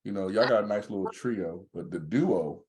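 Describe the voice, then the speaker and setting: A man co-hosts a podcast full of casual joking banter, telling stories with animated energy. His voice is low-pitched at normal speed.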